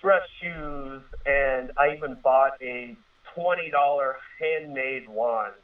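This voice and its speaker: A man's voice: medium pitch, slow. A man in his thirties rambles earnestly through a personal story, full of fillers and restarts. His voice comes through a thin, phone-like line and sounds set back from the microphone. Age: 30s. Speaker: guest telling a personal story. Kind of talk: casual spoken storytelling. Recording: tinny distant phone-line radio sound.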